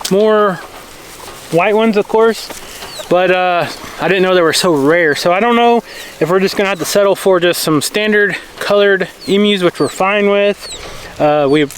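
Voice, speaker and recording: A man's voice: high-pitched, fairly bright tone, slight background noise. A man chatting casually to the camera as he feeds his farm animals outdoors, often talking to the animals themselves. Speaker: farm vlogger.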